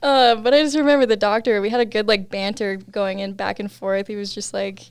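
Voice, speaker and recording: A woman's voice: mid-range voice, little pitch movement, fairly quick, smooth, dry recording, clean studio sound. A young adult woman, a podcast guest, telling a story in casual chat, laughing often and saying "like" a lot.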